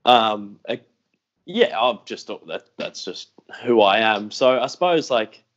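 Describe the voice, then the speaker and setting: A man's voice: on the low side, lively intonation, measured pace, fairly bright tone, highs cut off. A young Australian man telling stories in a casual podcast interview, rambling and self-deprecating, acting out what people said. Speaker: podcast guest, AFL YouTuber.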